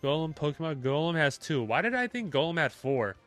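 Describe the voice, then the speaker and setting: A young man chatting casually with his live-stream chat, relaxed and talkative, with many fillers. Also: fairly high pitch, a little fast, faint music behind.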